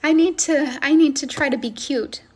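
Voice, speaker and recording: A woman with a high voice and moderate pace coaches and chats on a phone live stream. She reads and answers comments casually, sounding effusive and encouraging.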